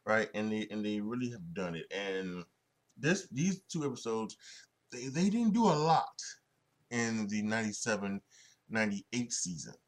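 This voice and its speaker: Rambling through his solo sports podcast, a young host speaks with a lowish, sing-song voice at a moderate pace. His talk is full of restarts, fillers and frequent chuckles.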